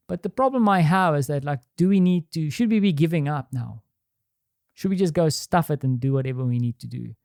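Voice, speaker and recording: A middle-aged man thinking out loud in a candid, rambling solo monologue, restarting sentences and swearing now and then. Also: a little high, vocal fry, no room sound, studio quality. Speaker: podcast host. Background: quiet home.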